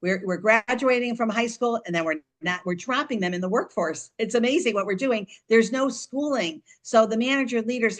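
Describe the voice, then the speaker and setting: A middle-aged woman, an author and guest on a podcast, talking in animated bursts and often restarting or repeating her words. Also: fairly high pitch. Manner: speaks digits slowly and deliberately. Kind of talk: conversational interview.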